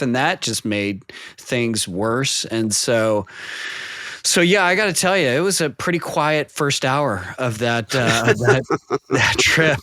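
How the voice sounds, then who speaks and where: Man telling animated stories, dry sound. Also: medium pitch, unhurried, no echo. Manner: animated storyteller acting out quotes. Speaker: podcast guest. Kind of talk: casual podcast chat.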